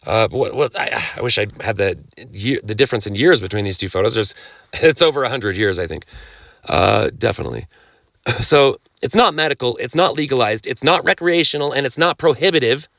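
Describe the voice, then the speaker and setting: Halting man in a dry, close sound. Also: medium pitch, lively intonation, fairly bright tone, no room sound. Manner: rambling, halting restarts, coughs and throat clearing; sarcastic asides. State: occasional coughing. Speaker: cannabis rights lecturer. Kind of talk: casual lecture over slides.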